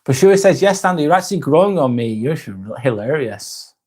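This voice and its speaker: A man's voice: on the high side, very animated, normal speed, darkish tone, husky. A young man from the north of England chats loosely on a live stream, reading comments aloud and joking with viewers. His accent is broad Northern English, his tone tired but playful, with casual swearing.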